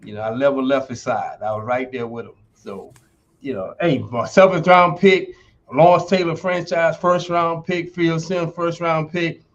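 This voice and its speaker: Speaking at normal speed in a fairly high voice, this man in his sixties is a podcast interview guest who played football and lectures at a university. His storytelling is emphatic, motivational and folksy, and the recording sounds dull.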